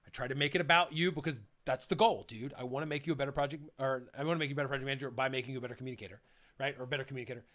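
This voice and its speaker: A man teaching project managers how to present, talking casually and energetically, switching between quick rambling and slow, emphatic lines. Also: medium pitch, fairly even intonation, a bit bright. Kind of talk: casual motivational lesson.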